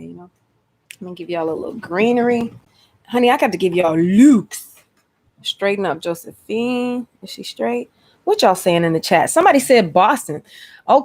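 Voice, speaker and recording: A woman from Atlanta, hosting a casual livestream chat. She is chatty and expressive, and she calls her listeners "honey" and "y'all.". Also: mid-range voice. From Atlanta, Georgia, USA. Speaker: host.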